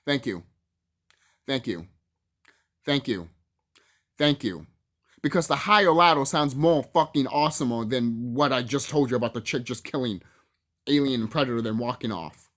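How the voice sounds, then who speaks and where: Speaking to his viewers at medium pitch, this movie YouTuber is animated and slightly bright, moving at a moderate pace with frequent pauses. His casual on-camera rant is full of free swearing, regular laughter, and repetition to drive points home.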